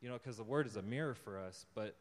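Low-voiced young man preaching in a reverberant hall. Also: fast talker. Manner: conversational storytelling, laughing often, rising to fervent exhortation. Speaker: lay preacher giving a testimony. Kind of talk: informal sermon testimony.

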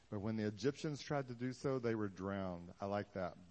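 A man's voice: lowish voice, normal speed, hardly any pauses, a little mellow. Casual, joking preacher man. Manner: casual, joking preacher who acts out Bible scenes. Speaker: pastor. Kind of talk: sermon.

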